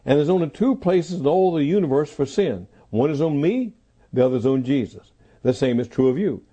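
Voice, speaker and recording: An older man preaching a sermon, emphatic and repetitive, dropping to low, quiet phrases and then rising to loud calls. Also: expressive, a little fast, breathy edge, dull audio. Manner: emphatic, repeats key phrases, swings between soft lows and loud calls.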